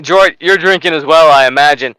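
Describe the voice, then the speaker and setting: Game master, male, bright slightly raised voice, dry sound. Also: on the high side, a little fast, smooth, no room sound, rough recording. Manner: narrates scenes and voices characters. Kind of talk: narrating a tabletop game.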